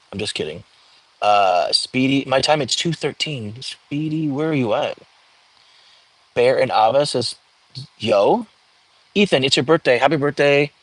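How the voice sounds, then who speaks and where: A young man chats through a casual livestream at an ordinary mid-range pitch. He reads viewer comments aloud and answers them on the fly, loose and easygoing. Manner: chatty and easygoing, reacts to viewer comments as they come. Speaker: livestream host. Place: home.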